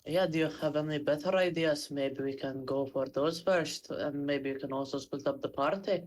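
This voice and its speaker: A man's voice: on the high side, normal speed. A man playing a tabletop game, casually suggesting plans to the group. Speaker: player. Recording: faint background noise.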